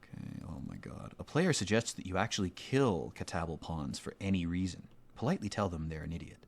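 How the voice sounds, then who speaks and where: Low-voiced man swearing through gameplay commentary. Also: a little fast. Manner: profane, rambling, sardonic asides. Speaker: let's play commentator.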